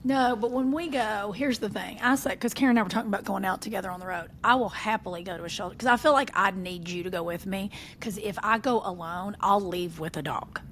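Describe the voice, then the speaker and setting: A woman, co-hosting a casual podcast chat, animated and acting out quotes with frequent laughs. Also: medium pitch, fast, few pauses, slight background noise. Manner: animated storyteller, acts out quotes, laughs often. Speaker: podcast co-host.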